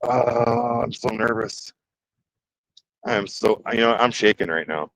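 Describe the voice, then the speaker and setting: With a fairly low, slightly bright voice and a somewhat slow delivery, a man from the Detroit area hosts a casual woodworking livestream in poor audio. He's chatty and jokey, reading comments from chat aloud and voicing his nervousness as he works.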